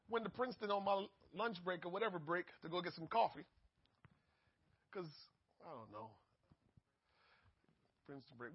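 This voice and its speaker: A man preaching a sermon and telling stories, swinging from quiet asides to loud exhortation. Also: high voice, creaky, husky. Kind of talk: sermon storytelling. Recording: muffled lo-fi sermon recording.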